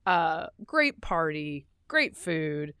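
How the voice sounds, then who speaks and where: Podcast co-host, middle-aged woman, lowish voice, close dry mic, chatty storyteller who laughs easily. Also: sing-song, very slow, sharp tone, smooth, dry recording. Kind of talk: casual chat.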